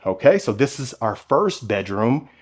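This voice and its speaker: A man's voice: medium pitch, sing-song, unhurried. A man hosting a walking home tour vlog, speaking to viewers with upbeat enthusiasm while filming.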